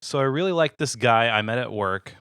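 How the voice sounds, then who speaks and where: A man's voice: medium pitch, expressive, a little fast, fairly bright tone, smooth, no room sound. A man on a podcast reading a listener's message aloud. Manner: reads listener letters aloud, plainly.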